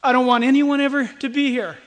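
A man's voice: extremely high pitch, fairly even intonation, fairly quick, in a large hall, voice pushed up. A preacher acting out a desperate rich man crying from hell. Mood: pleading. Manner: pleading, desperate cries.

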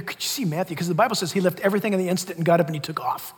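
A middle-aged man preaching a sermon as a pastor, emphatic, with sudden loud exclamations. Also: high-pitched, fairly even intonation, racing, few pauses. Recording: long hall reverb.

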